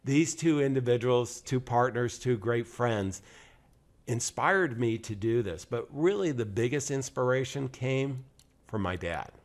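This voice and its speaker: A man in his sixties from upstate New York, hosting a podcast and telling an earnest story with pauses and emphasis. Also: medium pitch, animated. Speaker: podcast host. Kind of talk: scripted-sounding monologue introducing a show.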